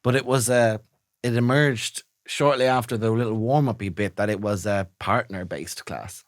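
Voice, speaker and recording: A man's voice: on the low side, fairly even intonation, moderate pace, dry recording, clean studio sound. A man co-hosting a comedy podcast, telling stories animatedly and mimicking voices. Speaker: podcast co-host. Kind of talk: casual comedic chat.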